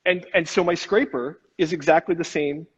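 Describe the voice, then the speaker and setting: A man hosting a casual chat over a video call, talking in quick, animated bursts full of restarts. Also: a little high, husky. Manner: rapid and animated, with stammers and restarts. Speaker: host. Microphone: video call from home. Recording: lo-fi livestream in a reverberant room.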